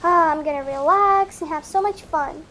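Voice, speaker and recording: A woman's voice: very high-pitched, normal speed, pushed and bright, a little hiss or hum. A woman voicing a chatty adult woman doll at the beach for a toy play video, talking to herself with little sighs.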